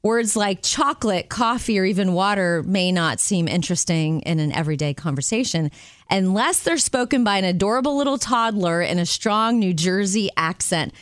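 A woman's voice: mid-range voice, expressive, moderate pace, no room sound, clean studio sound. A woman from Florida co-hosting a radio show, chatting in an upbeat, storytelling way. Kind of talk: casual radio show chat.

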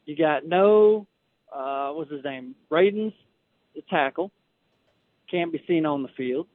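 A man calling in to a radio show over a thin, phone-like line. His voice sits a little high and sounds dry. He pauses and searches for words as he goes. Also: no room sound. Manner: hesitant, searching for names. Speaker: caller. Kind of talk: call-in radio.

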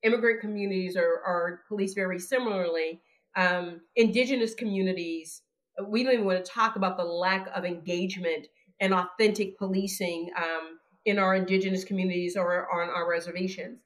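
A woman, a former police chief, hosting a podcast and framing interview questions with long, conversational context. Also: medium pitch.

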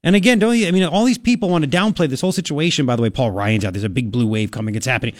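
A man hosting a talk radio show in a studio, excitable and rambling, with lots of exclamations. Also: medium pitch, very fast, no echo. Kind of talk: animated talk radio banter.

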